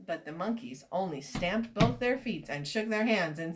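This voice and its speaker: A woman reading a children's story aloud, expressive and inviting listeners to join in. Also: lowish voice, normal speed, hardly any pauses, a little hiss or hum.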